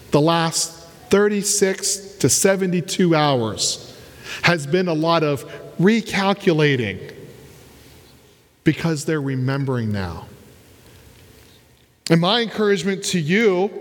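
A man's voice: high voice, big-room sound. A man preaching a sermon as pastor in a church, repeating key words and asking rhetorical questions.

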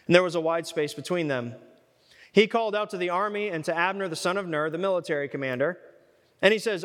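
A man's voice: high voice, fast talker, fairly bright tone, long reverb tail. A man preaching a Bible study, conversational and fond of rhetorical questions. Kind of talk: sermon.

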